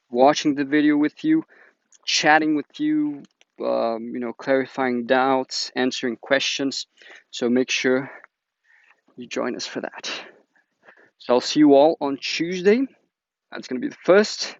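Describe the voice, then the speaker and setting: A man's voice: medium pitch, no echo. A man, hosting an agroforestry channel and giving a chatty, enthusiastic announcement to viewers. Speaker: agroforestry teacher, channel host. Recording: dull lo-fi dry recording.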